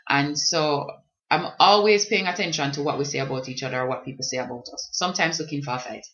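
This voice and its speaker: A woman's voice: deep voice, a little hiss or hum. A young woman from Jamaica with a Kingston middle-class Jamaican accent, chatting reflectively to camera as a student vlogger. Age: young adult. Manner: chatty, reflective, with quick lively rises. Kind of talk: casual talk to camera. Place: at home in a squeaky chair. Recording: slightly dull lo-fi sound.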